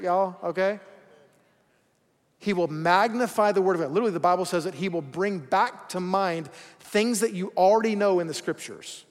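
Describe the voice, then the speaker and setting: A man preaching a sermon in a casual, joking way, acting out quoted voices as he goes. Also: sits high. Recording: long hall reverb.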